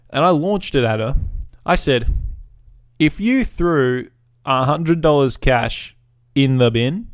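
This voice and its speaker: A man's voice: mid-range voice, dry recording, studio quality. Sweary man ranting. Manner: swaggering, sweary, mocking. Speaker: podcast host. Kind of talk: profane storytelling rant. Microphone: podcast mic.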